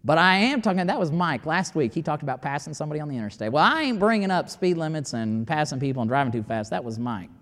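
Man preaching a folksy sermon, higher voice, hall reverb. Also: expressive, fast talker, few pauses, a bit bright. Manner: folksy, conversational preaching with scripture quotes.

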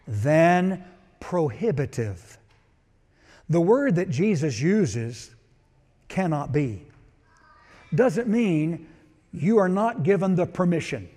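Emphatic preacher in a reverberant hall. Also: male voice, sing-song, slow, long pauses. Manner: emphatic, building to loud declarations then dropping low. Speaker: pastor. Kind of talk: sermon. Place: church sanctuary. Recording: long reverb of a large hall.

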